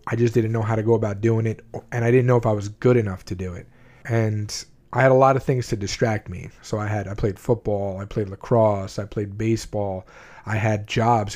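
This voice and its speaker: Earnest man with a mellow voice. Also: lowish voice. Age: adult, at least 20s. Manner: earnest, blunt and emotional, with frequent restarts. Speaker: vlogger telling his life story. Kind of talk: candid personal storytelling.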